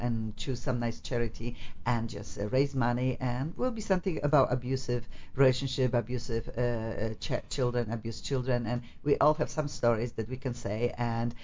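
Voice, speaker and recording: A woman's voice: rumbling low, a little mellow, dull audio. A woman hosting an interview show, effusive and searching for English words. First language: Polish. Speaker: host.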